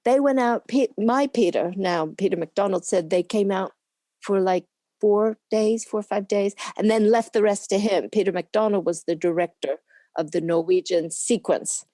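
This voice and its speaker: An older woman, a former camera assistant, chatting as an interview guest and telling lively stories with frequent laughs. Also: medium pitch, normal speed, no room sound, clean studio sound. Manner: lively anecdotal storytelling with laughs; acts out quoted people in put-on voices. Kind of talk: casual interview reminiscing.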